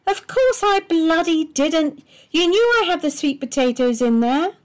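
A woman voicing a bitter middle-aged wife who turns shrill and accusing, her voice cracking toward tears. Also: big pitch swings, a little slow, a little mellow.

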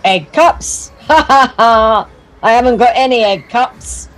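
Talking fairground wheel, voiced by an actor, male, unhurried, pun-loving prankster for a kids' story, soft music underneath. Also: medium pitch, lightly acted. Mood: giggling. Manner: slow, drawn-out, punning and teasing. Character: talking big wheel, male, bored then giggly trickster. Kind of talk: children's audio story acting.

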